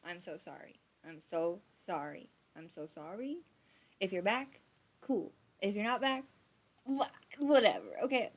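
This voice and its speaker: A woman's voice: medium pitch, unhurried. A young adult woman telling a story casually on a live stream, acting out quotes and swearing freely. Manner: animated, swearing, acts out quotes. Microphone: streaming from a computer.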